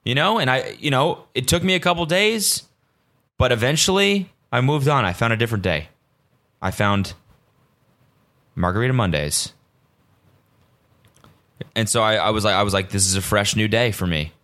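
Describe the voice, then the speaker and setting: A man hosting a solo podcast, rambling casually and swearing often, veering between excitement and deadpan asides. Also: mid-range voice, moderate pace, pauses often. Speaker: podcast host.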